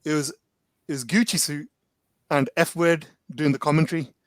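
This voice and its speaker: A man's voice: fairly high pitch, steady tone, moderate pace, no room sound. A man, a guest in a casual chat, telling stories animatedly with lots of slang and filler words. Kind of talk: casual storytelling.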